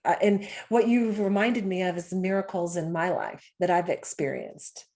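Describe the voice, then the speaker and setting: A woman hosting a podcast, reflecting aloud in a halting way and searching for words. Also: fairly low pitch, dark tone. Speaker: podcast host. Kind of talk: casual interview chat.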